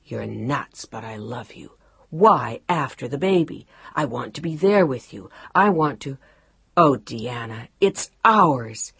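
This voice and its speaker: A woman voicing an emotional young man in love in an audiobook, speaking softly and tenderly. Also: a bass voice, animated, unhurried, breathy edge, dry recording, exaggerated voice.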